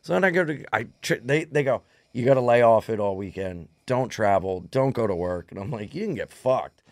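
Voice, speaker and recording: A man's voice: mid-range voice, a little fast, dry recording, studio quality. A man, a comedian co-hosting a podcast, telling a casual profane story about an injury. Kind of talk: casual chat.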